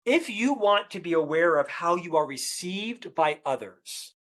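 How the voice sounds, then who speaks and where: Animated middle-aged man who stutters. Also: fairly high pitch, a little slow. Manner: stutterer, animated storyteller acting out dialogue. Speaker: guest author. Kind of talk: conversational podcast interview.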